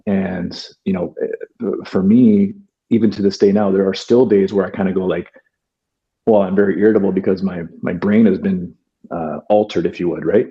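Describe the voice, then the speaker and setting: Podcast guest, man from Canada, low warm voice, halting and earnest, dull lo-fi recording. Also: flat delivery. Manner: earnest, halting, many fillers and restarts. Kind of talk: reflective interview talk.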